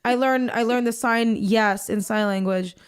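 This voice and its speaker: A woman's voice: a little high, measured pace, clean tone. A young woman co-hosting a podcast, chatting casually and acting out the people in her anecdote. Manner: chatty, animated, acts out voices in anecdotes. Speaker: podcast co-host. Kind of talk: casual chat, storytelling.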